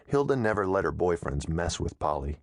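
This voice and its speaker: A deep-voiced man narrates an audiobook from a script, telling the story in a steady, measured way. He's recorded on a close studio mic, and the sound is dry and studio quality.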